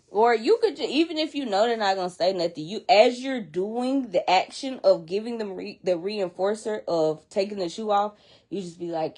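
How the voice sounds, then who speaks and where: A woman's voice: medium pitch, lively intonation, a little fast, a little mellow. Chatty woman explaining child behavior. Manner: chatty and emphatic, repeats and restarts while explaining; addresses listeners directly, checking in with "okay?" and "you know what I'm saying?". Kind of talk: casual explanatory talk to viewers.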